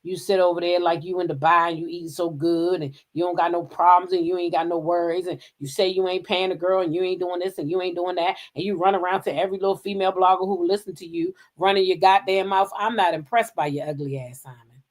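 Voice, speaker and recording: A woman's voice: fairly low pitch, fast. Heated, profane woman ranting gossip. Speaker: gossip show host. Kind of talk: unscripted celebrity gossip commentary.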